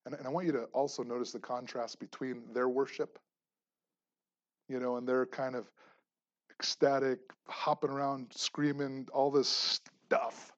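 A man preaching a sermon, animated and expressive, moving between loud emphasis and quiet asides, joking with the congregation. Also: mid-range voice, unhurried, dull audio. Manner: jokes and laughs with the congregation. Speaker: pastor.

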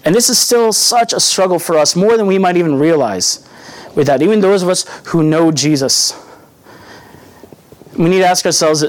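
A man's voice: a little high, normal speed. A young adult man giving a sermon in an earnest, conversational teaching manner, acting out quotes as he goes. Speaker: preacher.

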